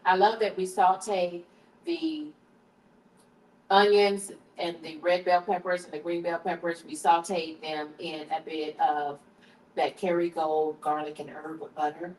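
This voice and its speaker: A woman's voice: fairly low pitch, measured pace, a little hiss or hum. Chatty woman livestreaming from her kitchen. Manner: chatty, talks to viewers, switches to hushed prayer. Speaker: livestream host. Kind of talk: casual live-stream chat while eating. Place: home kitchen. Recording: roomy, distant camera mic.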